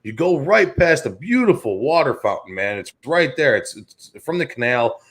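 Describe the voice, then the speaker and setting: A Chicago-area man in his thirties hosts a sports talk show, telling rambling, profane stories in a casual podcast style and acting out the other voices. His medium-pitched voice is husky and a bit bright, swinging widely in pitch at a normal speed.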